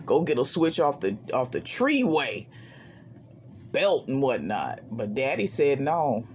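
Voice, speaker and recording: A woman hosting a self-help channel, talking in an animated, emphatic way and laughing often as she shares a spiritual monologue. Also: extremely low pitch, slow, a little hiss or hum.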